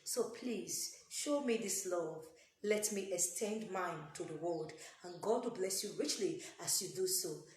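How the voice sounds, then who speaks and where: A woman's voice: lowish voice, unhurried, a little mellow, a little hiss or hum. A woman with a Nigerian accent makes an emphatic, repetitive appeal to her viewers, dropping into pidgin and pouring out prayer-like blessings. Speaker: YouTube content creator. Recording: echoey room.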